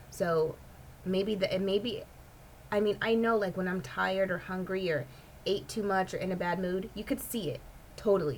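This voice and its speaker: A woman's voice: mid-range voice, slight background noise, poor audio. A woman vlogger in casual personal chat, rambling and filling her talk with "like". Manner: rambling, heavy use of "like".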